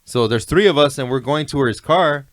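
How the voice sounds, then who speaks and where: A man's voice: mid-range voice, normal speed, no echo. A man telling stories in a laid-back, rambling way, often asking "you know what I mean". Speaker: guest. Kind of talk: casual storytelling chat.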